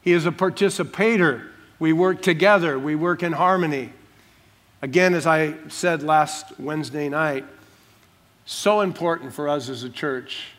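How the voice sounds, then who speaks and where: A man's voice: on the high side, fairly bright tone. A man preaching a sermon, working through a Bible passage verse by verse and repeating phrases for stress, in a church sanctuary. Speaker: pastor.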